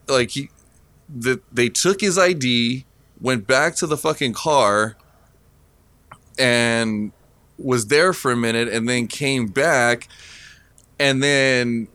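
Casual male co-host, bright tense tone, dry close sound, swears a lot and acts out the quotes. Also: mid-range voice, clean tone, no room sound. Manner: profane, animated storyteller acting out quotes. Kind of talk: casual storytelling chat.

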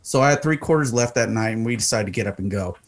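A man's voice: lowish voice, fast talker. A man telling crude, rambling, joking stories in a casual podcast chat. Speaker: storyteller.

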